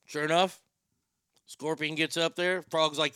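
A brash male radio host riffing through crude comic stories and doing voices for the characters. His voice is high, bright and smooth. The studio sound is dry and close. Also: level tone, moderate pace, no echo. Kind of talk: comedic talk radio riffing.

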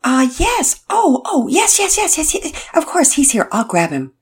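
A woman's voice: sits high, huge pitch swings, a little slow, voice pushed up, exaggerated voice. A woman voicing a nervous mother answering the phone, repeating herself. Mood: flustered.

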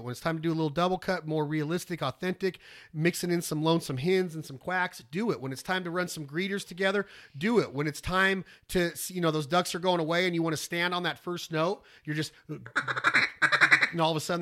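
A man, teaching duck calling in a rambling, folksy way, breaking into loud duck calls. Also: on the high side, fairly even intonation, a little fast. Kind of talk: casual instructional talk.

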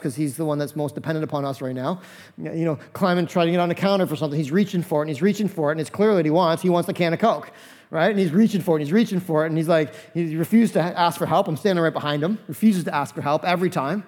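A man preaching a sermon as pastor, animated, acting out the voices of the figures in his story. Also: a little high, rapid-fire, in a large hall.

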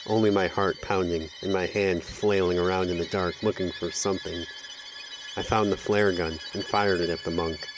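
Male storyteller, very low voice, measured first-person horror narration, faint noise behind.

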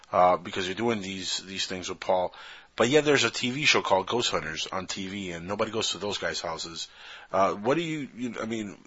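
Bright-voiced talk radio host. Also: male voice, lowish voice, husky, no echo, muffled recording. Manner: earnest, repeats words while thinking.

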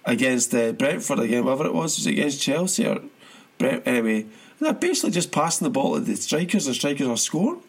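A man's voice: medium pitch, sing-song, quick pace, slightly rough. A man chatting casually about football as a podcast co-host, rambling with many restarts and laughs.

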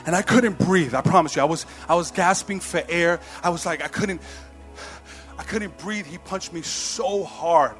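High-voiced pastor preaching with animated stories. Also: male voice, normal speed, soft background music. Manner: animated storytelling, laughing at himself. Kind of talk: sermon.

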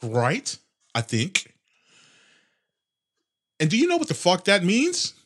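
A young man in his twenties hosting a casual solo podcast, rambling and sarcastic with heavy swearing, his nose congested and clearing his throat. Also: sits high, huge pitch swings, slow pace, a bit bright. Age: 20s. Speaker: podcast host.

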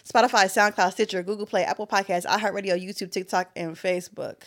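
A woman's voice: medium pitch, fast. A woman co-hosting a casual podcast, chatty and laughing often. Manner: animated, laughing, reads listener review aloud. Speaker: podcast co-host.

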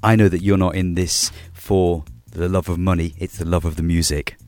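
A man's voice: low-pitched, steady tone, normal speed, a little mellow, dry recording. A man interviewing a guest, asking questions in a polite, admiring tone. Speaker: interviewer, radio DJ.

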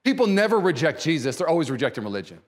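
A man preaching a sermon as pastor, conversational and animated, repeating phrases and voicing quoted people. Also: rapid-fire, long reverb tail. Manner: voices quoted people with pitch jumps.

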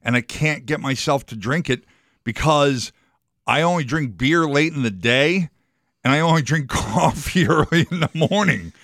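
A man's voice: fairly high pitch, animated, normal speed, fairly bright tone, no echo, clean studio sound. A man co-hosting a radio show, chatting in a playful, joking way and laughing easily. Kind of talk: casual radio banter.

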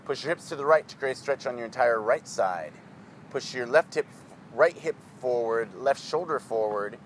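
A man leading a yoga class, giving calm, rhythmic, clipped instructions. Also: medium pitch, normal speed, slight background noise, low-quality recording.

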